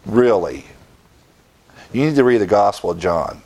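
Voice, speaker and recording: Male preacher, middle-aged, low-pitched, emphatic Bible teaching. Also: expressive, measured pace, a little mellow, a little hiss or hum. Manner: emphatic, rises in pitch when stressing points. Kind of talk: sermon.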